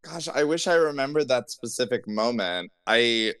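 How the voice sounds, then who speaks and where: A man's voice: medium pitch, animated, normal speed, a bit bright, clear, resonant tone, no echo. A man who is a drag performer, a guest on a podcast, talking earnestly in a rambling way with many restarts. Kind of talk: casual interview chat.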